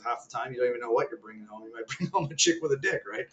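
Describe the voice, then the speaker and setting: A vlogger in his thirties rants casually to camera, rambling, swearing often and laughing at his own jokes. His mid-range voice races along with a slightly bright edge, and the recording is muffled.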